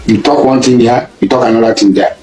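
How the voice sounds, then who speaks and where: A man with a Nigerian accent giving an impassioned public speech, accusing a rival and repeating his points, at times rising to a shout. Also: medium pitch, steady tone, quick pace, echoey room, faint music behind, rough recording. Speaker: public speaker addressing a rival.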